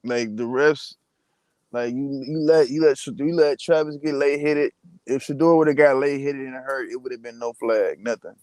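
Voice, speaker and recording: A man appearing as a guest, talking casually and with animated exasperation. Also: mid-range voice, normal speed, dry recording. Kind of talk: casual chat.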